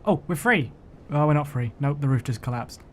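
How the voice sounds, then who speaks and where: A man's voice: fairly high pitch, expressive, fairly quick, slight background noise. A man casually commentating a game on a live stream, joking and chatting to himself and his viewers.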